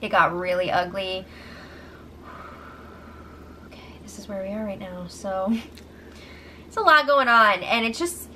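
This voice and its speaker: A woman recapping a reality show in a casual, animated and gossipy way, swearing freely as she talks. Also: mid-range voice, measured pace, long pauses, a little hiss or hum.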